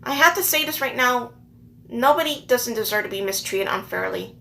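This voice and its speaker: Brief: woman vlogger, emotional rant, fighting tears, insistent repetition, fairly high and bright. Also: lively intonation, moderate pace, gravelly, slight background noise. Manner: earnest, upset, repeats herself for emphasis. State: holding back tears. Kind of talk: emotional personal rant to camera.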